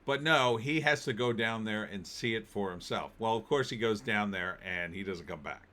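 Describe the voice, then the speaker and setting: Wry man with a bright, forceful voice. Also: lowish voice, normal speed. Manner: incredulous, wry plot recap. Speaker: film reviewer. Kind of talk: casual spoken film review.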